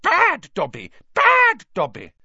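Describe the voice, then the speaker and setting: A man voicing a tiny, servile, excitable male house elf with a high-pitched squeaky voice, in an audiobook reading. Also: unhurried, no echo, heavily acted. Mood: wailing. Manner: earnest, wailing, reverses word order. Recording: dull lo-fi dry recording.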